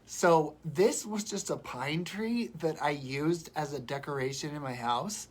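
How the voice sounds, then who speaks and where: A woman's voice: sits low, a little slow. A woman with a cold on a casual livestream from home, sounding congested and fighting back tears as she talks. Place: home, indoors. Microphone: phone or webcam on a live video.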